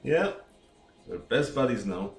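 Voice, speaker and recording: Male player, slow and hesitant, lots of ums, lively pitch, echoey room. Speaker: tabletop game player. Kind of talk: casual role-play at the table. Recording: echoey room with faint music.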